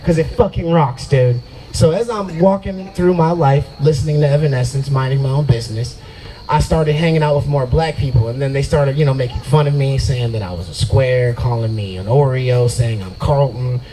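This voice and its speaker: A man's voice: mid-range voice, normal speed, mellow, low-quality recording. A young man doing a brash, profane stand-up set at an open mic night in a brewery and riffing with the crowd. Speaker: stand-up comedian.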